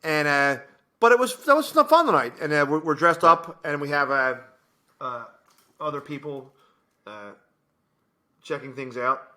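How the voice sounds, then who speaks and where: A man's voice: on the high side, animated, a little slow, pauses often, bright, forceful tone. A man co-hosting a podcast from a home studio, telling rambling stories in casual chat with many fillers and restarts. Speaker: podcast co-host, comedian.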